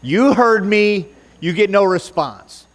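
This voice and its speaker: Male pastor, unhurried delivery, playful banter, church sermon. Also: sits high, animated. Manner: joking, chatty with the congregation; stumbles over his notes.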